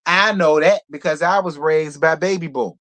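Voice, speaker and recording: Blunt, profane man with a higher voice. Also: normal speed. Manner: animated, opinionated gossip talk. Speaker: reality TV recap host. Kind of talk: casual review commentary.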